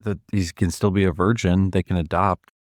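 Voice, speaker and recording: A man's voice: low-pitched, fairly even intonation, moderate pace, no room sound, clean studio sound. A man co-hosting a podcast, laughing easily and swearing casually in banter. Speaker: podcast co-host.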